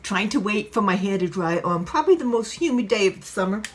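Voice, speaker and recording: A woman in her sixties from New England telling stories in a casual home vlog, excitable and quick to laugh. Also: mid-range voice, slight background noise. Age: 60s. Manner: excitable, laughs often, acts out voices in stories. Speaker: vlogger. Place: at home, drying her hair.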